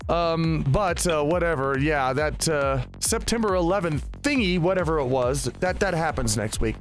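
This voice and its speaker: A man's voice: fairly high pitch, animated, normal speed, faint music behind. A man hosting a casual podcast, chatty and rambling, often laughing and restarting his sentences. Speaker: podcast host.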